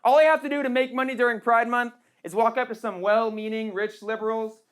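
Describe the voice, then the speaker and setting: Audience laughter fills a small comedy club as a young trans woman works through a brash, punchy, sarcastic set, frequently adding "right?" Her voice is a little high and steady in tone, and she talks fairly quickly.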